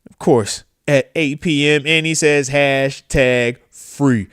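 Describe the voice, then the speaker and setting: A man in his thirties hosts a live-stream talk show with a fairly high voice. He talks in a loose, slangy, animated way, repeating phrases and shouting out friends and viewers. The sound is dry, with no echo from the room. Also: measured pace, clean tone. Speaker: show host, former football player.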